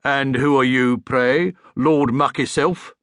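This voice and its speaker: A man's voice: mid-range voice, steady tone, takes it slowly, fairly bright tone, clear, resonant tone, dry recording, studio quality, pitched above the performer's own voice. Man doing a sarcastic gatekeeper, blunt and stern. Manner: sarcastic, blunt, working-class. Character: gruff stern middle-aged male gatekeeper, sarcastic.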